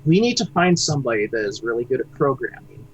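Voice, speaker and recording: A man's voice: medium pitch, very animated, fast talker, husky, muffled recording. A man co-hosting a casual livestream, joking and laughing easily. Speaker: co-host.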